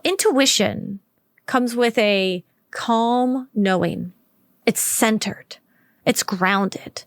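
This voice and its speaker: A woman hosts an advice podcast in a direct, conversational way and draws out key words slowly for emphasis. Her voice sits a little high. The sound is dry and close, with no room around it. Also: dry recording. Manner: warm, direct, conversational with slow emphatic stretches. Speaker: podcast host. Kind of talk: solo podcast advice talk.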